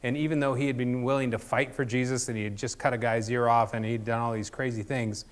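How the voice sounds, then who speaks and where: A man's voice: mid-range voice, fairly even intonation, fast. Man, pastor, casual sermon, conversational, joking asides, frequent fillers. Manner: conversational, jokey, many ums and restarts.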